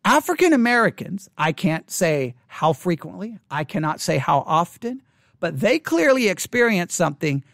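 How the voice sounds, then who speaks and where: A man's voice: high-pitched, very animated, moderate pace, gravelly, a bit bright, dry recording, clean studio sound. Impassioned man telling a personal story. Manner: impassioned, indignant, retells with quoted dialogue. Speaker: Christian video host.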